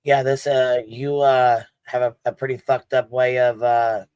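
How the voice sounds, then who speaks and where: A man's voice: medium pitch, little pitch movement, a little slow, darkish tone, smooth, no room sound. A man, a panel guest ranting bluntly and swearing a lot. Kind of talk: heated casual commentary.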